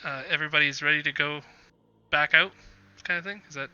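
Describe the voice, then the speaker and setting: A man's voice: a little high, fairly even intonation, brisk, sharp tone, clean tone, highs cut off. A man running a tabletop game as game master, rambling with many fillers.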